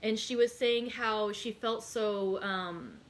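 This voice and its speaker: A woman's voice: medium pitch, slow. A woman hosting a library read-aloud, chatting casually and self-deprecatingly with frequent fillers before the reading.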